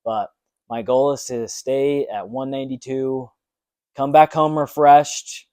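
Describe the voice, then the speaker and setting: A man's voice: medium pitch, fairly even intonation, slow pace, a little mellow, no room sound, clean studio sound. A young man talking earnestly in a personal fitness vlog, motivational and full of ums. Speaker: fitness vlogger.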